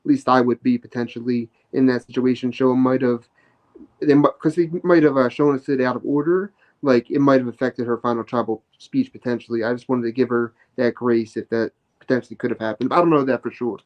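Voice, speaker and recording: A man's voice: medium pitch, fairly even intonation, fairly quick, highs cut off. A man joining a live stream as a guest over a video call. He talks hesitantly, restarting and hedging his points. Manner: hesitant, restarts and hedges often. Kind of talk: casual live-stream chat.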